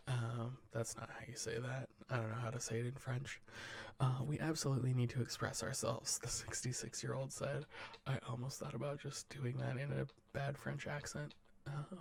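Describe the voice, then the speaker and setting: A man softly reading the news into a close mic in a whispered, ASMR way, stumbling over words and breaking off for dry, jokey asides. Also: mid-range voice, little pitch movement, moderate pace, vocal fry, dry recording.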